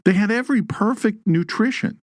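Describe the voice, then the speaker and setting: A man's voice: high voice, fairly quick, no room sound. A man hosting an online Bible teaching show, with a folksy, joking manner and emphatic rises on key points. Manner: folksy, jokey asides, reads live chat.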